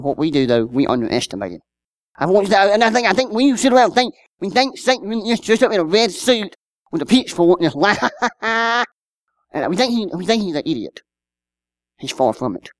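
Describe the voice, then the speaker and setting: A man's voice: a little high, dry recording. A man, preaching a sermon in a conversational style with rhetorical questions and personal stories. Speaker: pastor.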